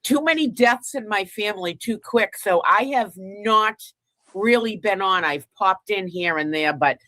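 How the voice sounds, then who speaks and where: A woman guest on a casual livestream, talking frankly and haltingly, stuffy with a cold. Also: medium pitch, sharp tone, dry recording. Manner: frank, hesitant, many fillers.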